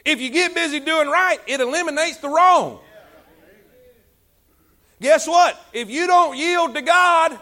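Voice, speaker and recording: A preacher delivering a sermon, his voice high and ringing with a bright, sharp edge. He calls on the congregation to repeat after him, pushing hard on key words and then dropping low and soft. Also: measured pace, pauses often. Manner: exhorting congregation, call and response; rises and drops in volume for emphasis. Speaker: pastor.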